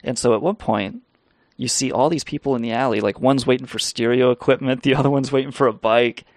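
A man with a gravelly, creaky voice tells a loose, swearing-laced story on his live stream. His sound is close and dry. He chuckles as he rambles and reads the chat aloud. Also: medium pitch, brisk, dry recording. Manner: rambling, profane, laughing. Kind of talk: casual storytelling and reading chat.

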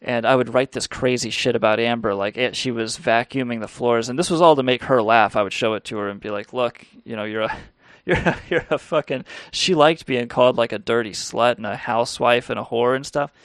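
A man's voice: mid-range voice, brisk, hardly any pauses, a bit bright, smooth, no echo. A man hosting a call-in radio show, telling rambling, crude stories and laughing as he goes. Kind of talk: casual storytelling on a call-in show.

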